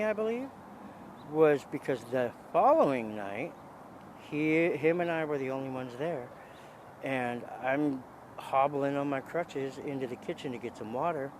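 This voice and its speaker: A man's voice: mid-range voice, darkish tone, slight background noise, rough recording. Rambling man telling a street story. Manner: rambling, with many restarts and "dude". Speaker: interviewee telling his own story. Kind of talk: casual spoken storytelling.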